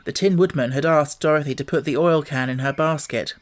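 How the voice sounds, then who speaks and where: A man narrating an audiobook with a steady, measured storytelling delivery. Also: on the high side. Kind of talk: scripted narration.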